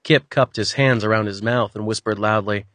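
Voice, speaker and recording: A man narrating an audiobook with an even, storytelling delivery. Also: lowish voice, moderate pace, dry recording. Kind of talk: scripted narration.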